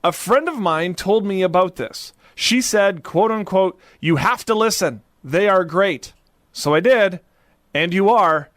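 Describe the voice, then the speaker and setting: Male co-host, casual podcast chat, playful and teasing, fairly high voice, dry sound. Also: a little slow, a bit bright, no echo. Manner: playful, teasing, reads listener messages aloud.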